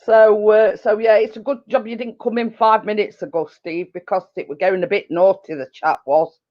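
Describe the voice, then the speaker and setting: In a dull, lo-fi recording made at home, a middle-aged woman hosts a laid-back live-stream chat from her living room. Her medium-pitched voice holds a steady tone at normal speed while she rambles with frequent fillers and giggles.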